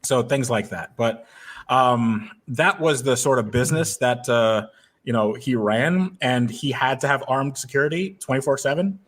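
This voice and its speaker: A man's voice: medium pitch, moderate pace, a bit bright. A man telling a story as a podcast guest, in a loose, rambling way with many fillers and restarts. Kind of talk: casual podcast chat.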